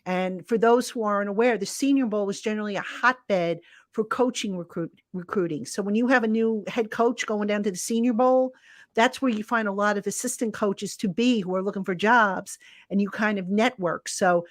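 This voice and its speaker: A woman sports reporter chats in an easy, explanatory way on a live online call. Her pitch sits in the middle, and the sound is dry and close. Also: moderate pace, no room sound. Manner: conversational, explains for listeners. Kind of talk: casual sports chat.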